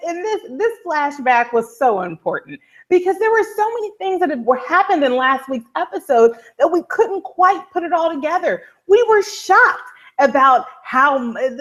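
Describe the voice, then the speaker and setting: Female co-host, high voice, animated, live recap chat. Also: normal speed. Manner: animated storyteller, repeats a catchphrase. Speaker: podcast co-host.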